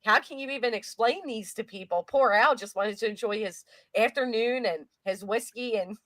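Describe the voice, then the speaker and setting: A woman hosting a casual livestream chat, animated and laughing a lot, often trailing off mid-sentence. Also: on the high side, moderate pace, no echo. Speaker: livestream host.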